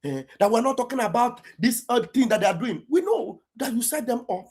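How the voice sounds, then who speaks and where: Fiery husky woman with Igbo Nigerian accent. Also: on the high side, expressive, fairly quick, darkish tone. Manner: fiery, accusatory, raises voice at times. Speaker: online political commentator. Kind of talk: impassioned political rant.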